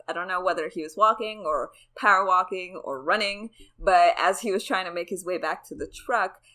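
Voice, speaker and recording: With a lowish voice and a sharp tone, a woman co-hosts a podcast and casually recounts a story. She talks in a chatty way, curses freely and leans heavily on "like."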